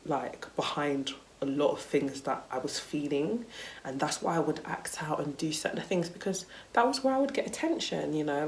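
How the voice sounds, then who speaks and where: A woman's voice: deep voice, a little mellow, slight background noise. A young woman vlogging a casual story time, candid and chatty, with lots of "like" and "you know" and some swearing. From United Kingdom.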